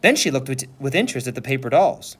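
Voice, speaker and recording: A man, a teacher, reading a novel aloud with expressive storytelling. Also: medium pitch, fast, breathy edge.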